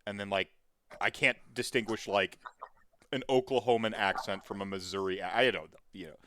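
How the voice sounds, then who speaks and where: An American man hosting a casual livestream chat, rambling and animated, full of filler words. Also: fairly low pitch, a little fast, a little hiss or hum. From United States. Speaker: livestream host. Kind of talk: casual chat on a charity stream.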